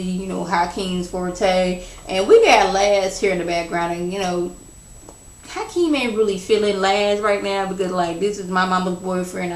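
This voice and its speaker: A woman talking through a TV episode in a loose, chatty way, leaning on slang and plenty of "you know" and "like". Her voice sits in a middle pitch. The sound bounces around an echoey room. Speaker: TV episode reviewer. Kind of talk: casual spoken recap.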